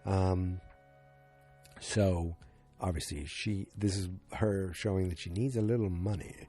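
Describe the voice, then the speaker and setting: Low, dark-voiced man recapping casually. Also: fairly even intonation, unhurried, soft background music. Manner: rambling, acts out quotes with filler words. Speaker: podcast host.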